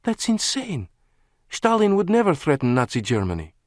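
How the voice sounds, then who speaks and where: A male audiobook narrator voicing a passionate, sarcastic young Russian woman, raising his voice high for her. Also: huge pitch swings, normal speed, dry recording, clean studio sound. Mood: incredulous.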